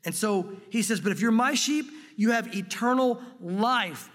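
A man preaching a sermon from a church sanctuary, earnest and emphatic, slowing down to read scripture aloud. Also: sits high, fairly bright tone. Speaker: pastor. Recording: long reverb of a large hall.

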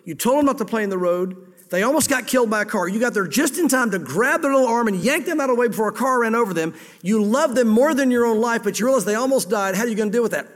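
A male pastor preaching a sermon, voicing God's words in first person, with sudden loud emphatic bursts that drop low again. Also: fast talker. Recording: long hall reverb.

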